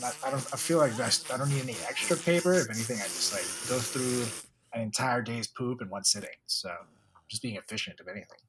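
A man's voice: medium pitch, quick pace, background noise. A man co-hosting a podcast, chatting casually with crude, teasing jokes. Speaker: podcast co-host. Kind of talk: casual chat.

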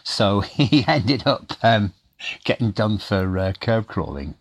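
Deep-voiced man, halting and reminiscing. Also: very animated. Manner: halting, full of restarts. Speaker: guest actor. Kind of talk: reminiscing in a podcast interview.

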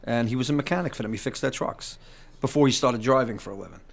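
A middle-aged man tells stories as a guest on an interview. He talks in a rambling, animated way, swearing freely and restarting his sentences. His voice sits at an ordinary pitch for a man. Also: fast, gravelly. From New York. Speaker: guest musician. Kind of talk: casual interview storytelling.

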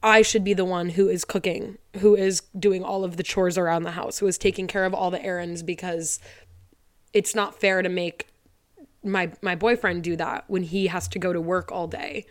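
A woman's voice: lowish voice, steady tone, normal speed. A young woman hosting a solo podcast from her living room, talking close into a mic. She rambles and fills her speech with "like", and she is tearful. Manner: rambling, heavy use of "like", tearful and laughing. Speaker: podcast host. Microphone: studio mic, close.

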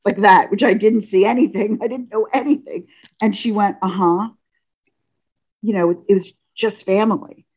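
A woman telling a personal story in a casual, halting way, with restarts, acting out what people said with big jumps in pitch. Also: husky. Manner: animated, acts out dialogue with pitch leaps; halting, frequent restarts and self-corrections.

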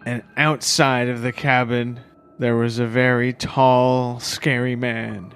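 A man co-hosting a comedy podcast, cracking quick crude jokes while improvising a story. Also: mid-range voice, little pitch movement, a bit bright, slight background noise. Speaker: podcast co-host.

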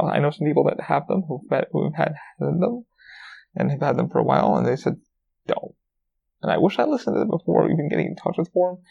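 Gravelly rambling man, casual podcast. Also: fairly high pitch, highs cut off. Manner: rambling, swears a lot, many fillers and restarts. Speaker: podcast host. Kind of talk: casual solo podcast rant.

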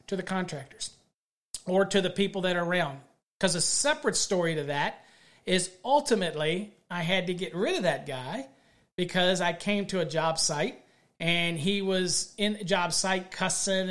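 Plainspoken man sharing leadership stories. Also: high-pitched. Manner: plainspoken, tells workplace stories from experience. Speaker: electrical contractor and show host. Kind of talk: leadership talk monologue.

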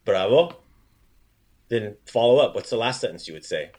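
A man hosting a casual podcast language lesson, encouraging his co-host and repeating phrases slowly. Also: on the low side, lively intonation, darkish tone.

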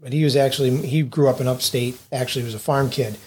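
A man's voice: mid-range voice, fairly even intonation, a little mellow, slight background noise. A man from New York State chatting casually, rambling through family history and reflections. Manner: reflective, rambling, quick talker. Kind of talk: casual chat.

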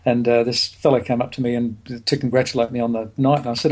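A man's voice: medium pitch, fast, few pauses, slight background noise. A middle-aged man, a psychologist and author, talking as a podcast guest, hesitant with many fillers and restarts. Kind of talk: podcast interview.

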